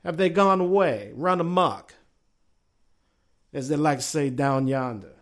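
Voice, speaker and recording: A man's voice: fairly high pitch, unhurried. A man with a Southern accent hosting a casual sports talk show, musing aloud and reading chat messages in a folksy, drawling way.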